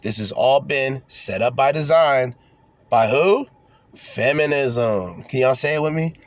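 Young adult male podcast host, sarcastic, profane ranting style, average pitch. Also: normal speed, dry recording. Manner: sarcastic, profane, mocking asides. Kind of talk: casual unscripted rant reading articles aloud.

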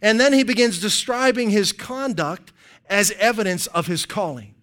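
A middle-aged man preaching a sermon as pastor, conversational and animated, tossing out rhetorical questions. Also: sits high, moderate pace.

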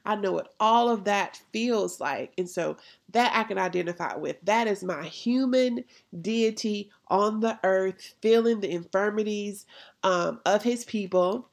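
With a mid-range voice, vocal fry, and a measured pace, this faith podcast host preaches in a conversational way, peppering her talk with rhetorical questions like "right?"

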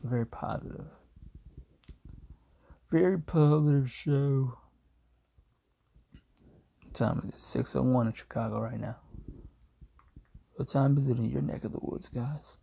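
A man's voice: medium pitch, steady tone, moderate pace, vocal fry, mellow, slightly rough. A young man hosting a casual solo podcast from home, groggy and yawning after a nap, rambling in a laid-back, jokey way. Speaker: podcast host.

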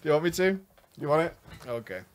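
A male streamer telling a story to his chat in an animated, mock-scolding way, laughing often. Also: on the high side, fast.

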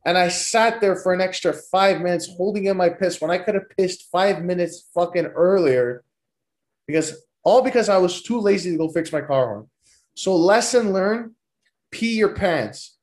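A young man hosting a podcast, his voice sitting a little high for a man. He tells crude, rambling stories in a loose, joking way, swearing freely as he goes. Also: animated, moderate pace, a little mellow. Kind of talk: casual storytelling.

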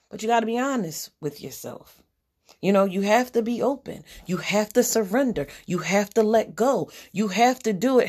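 A woman's voice: medium pitch, lively intonation, moderate pace, a little mellow. A woman hosting a podcast, giving a general spiritual reading as a blunt, profane pep talk that repeats its key lines.

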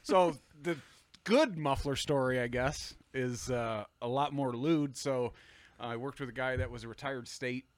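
A man swaps stories as a podcast guest, his voice sitting at an everyday pitch. He curses often and jumps louder whenever he acts out what someone said. The sound is dry and close, with no room echo. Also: a little slow. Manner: animated, swears often, acts out quoted lines loudly. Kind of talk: casual storytelling.

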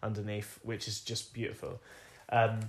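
A man's voice: lowish voice, completely flat delivery, normal speed. A young man co-hosting a podcast, chatting casually, explaining at length and laughing often. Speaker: podcast co-host.

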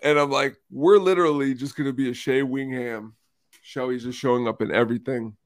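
A man's voice: mid-range voice, steady tone, a little fast. A man co-hosting a film podcast, talking in a rambling, easygoing, chatty way. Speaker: podcast co-host. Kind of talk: casual chat.

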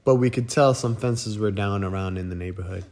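A man's voice: lowish voice, brisk, a little mellow. A man co-hosting a podcast in casual chat, chiming in with short, laid-back remarks. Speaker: podcast co-host.

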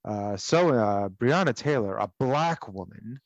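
A man's voice: on the low side, animated, unhurried, creaky, dry recording, dull audio. A man co-hosting a podcast, chatting casually, rambling and swearing, with strong opinions. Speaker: podcast co-host.

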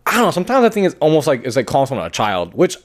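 A man's voice: fairly high pitch, huge pitch swings, racing. A man co-hosting a podcast, talking in loose, jokey, swearing banter. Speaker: podcast co-host. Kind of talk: casual chat.

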